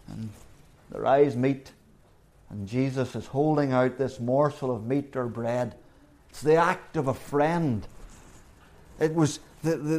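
A man preaching a sermon in an earnest manner, his pitch rising and falling as he acts out the story. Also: a little mellow. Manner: earnest, wide pitch swings when acting out voices.

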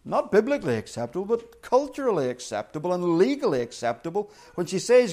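A man preaching a sermon in an earnest way, acting out quoted lines with loud and soft swings. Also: high-pitched, big pitch swings, quick pace, few pauses. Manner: earnest, acts out quoted voices with shifting volume.

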